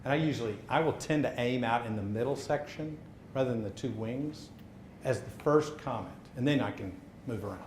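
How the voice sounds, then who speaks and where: Brisk coaching man in an echoey room. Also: mid-range voice, a little mellow. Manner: brisk, encouraging, gives direct feedback. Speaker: public speaking coach. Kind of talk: live workshop coaching. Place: seminar room. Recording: echoey room, faint background noise.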